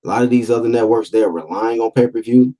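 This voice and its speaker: A man's voice: mid-range voice, quick pace, mellow. A man hosting a casual boxing livestream, talking loosely with slang, repeating himself and reading out viewer comments. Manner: talkative, repeats phrases, reads out chat comments; fillers and restarts, laid-back slang.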